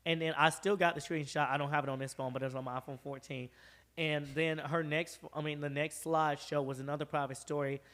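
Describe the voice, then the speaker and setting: A young man from Georgia tells a story as a podcast guest, and his voice sits a little high for a man. He talks in a lively, profane way and acts out everyone he quotes. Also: fast talker. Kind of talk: casual storytelling.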